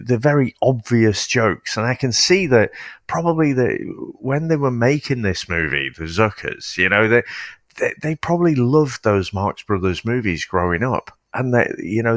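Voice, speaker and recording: A man's voice: mid-range voice, no echo, clean studio sound. A man co-hosting a casual film podcast, musing in a thoughtful, hesitant way with frequent restarts. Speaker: podcast co-host. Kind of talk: casual film review chat.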